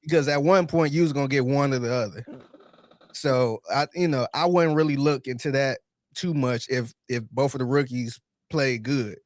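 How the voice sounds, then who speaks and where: Easygoing man co-host, close dry sound, hesitant and agreeable in relaxed sports banter. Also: mid-range voice, normal speed, no echo. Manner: laid-back, agreeable, hesitant restarts. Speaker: podcast co-host. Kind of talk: casual sports chat.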